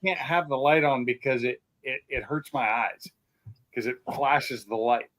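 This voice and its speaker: A man's voice: mid-range voice, unhurried, a bit bright, no room sound, rough recording. Man hosting a casual live stream. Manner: friendly, welcoming callers.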